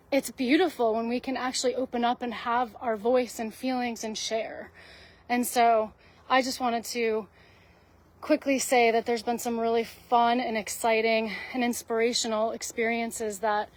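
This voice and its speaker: A woman's voice: fairly high pitch, little pitch movement, unhurried. A woman hosting a live video, talking earnestly to her viewers in a rambling, heartfelt way, full of fillers and restarts, close to tears at times. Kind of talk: heartfelt casual monologue to viewers.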